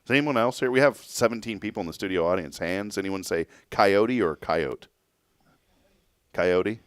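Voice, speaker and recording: A man's voice: on the low side, normal speed, clear, resonant tone, dry recording. A man hosting a casual studio talk show, joking and laughing. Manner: jokey, laughing, plays with words. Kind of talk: casual chat. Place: studio with audience.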